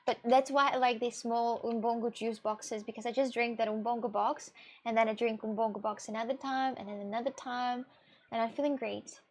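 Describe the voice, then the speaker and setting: A woman's voice: fairly high pitch, steady tone, a little fast. A young woman streamer from Russia, chatting casually with viewers in a rambling way, with gasps and restarts. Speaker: live streamer.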